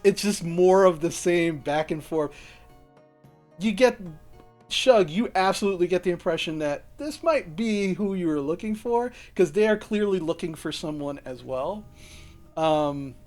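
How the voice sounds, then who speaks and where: Sex: man. Role: game master. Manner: loose, rambling, casual swearing. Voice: fairly high. Behind: faint music. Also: unhurried, darkish tone. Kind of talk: narrating a tabletop game.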